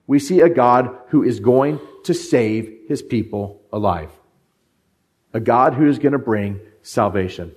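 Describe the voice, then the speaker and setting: A man delivering a sermon, alternating between reading scripture and explaining it. He is emphatic and often repeats phrases for stress. His voice sits at an ordinary middle pitch. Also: expressive, moderate pace, darkish tone. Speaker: preacher.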